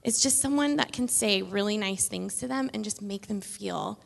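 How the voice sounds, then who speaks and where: A woman in her thirties, a children's pastor, telling chatty, expressive stories on stage in a church. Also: medium pitch, moderate pace, vocal fry. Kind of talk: casual stage conversation in church. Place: church sanctuary. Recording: long reverb of a large hall.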